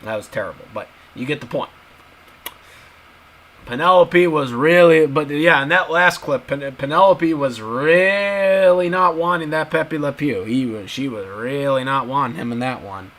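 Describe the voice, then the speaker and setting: A man's voice: a little high, a little slow, fairly bright tone, low-quality recording. A man in casual video commentary, talking to his viewers and repeating his points emphatically. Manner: repetitive, emphatic, addresses viewers as guys. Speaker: YouTube commentator.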